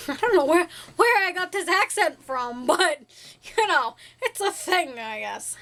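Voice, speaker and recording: A woman's voice: very high-pitched, animated, a little slow, fairly bright tone. A young woman vlogging to camera in a casual, rambling way, chatty and silly, joking at her own expense and making up playful words.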